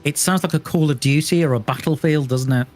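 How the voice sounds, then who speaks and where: Male co-player, talkative and amused, quick with trivia in a relaxed gaming chat. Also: fairly high pitch. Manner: chatty trivia buff, amused.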